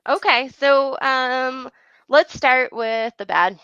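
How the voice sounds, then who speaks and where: A woman's voice: high-pitched, takes it slowly, fairly bright tone, clear, resonant tone, no room sound, dull audio. A woman co-hosting a casual podcast chat, talking in an easygoing way and laughing often. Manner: giggly, easygoing. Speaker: podcast co-host.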